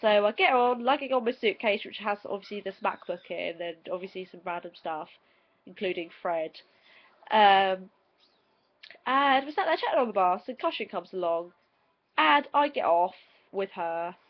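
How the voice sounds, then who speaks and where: A teenage vlogger with an English accent tells a story in a chatty, giggly way, retelling it dramatically. Her medium-pitched voice is animated and moderately paced, and the home-video audio is dull and lo-fi.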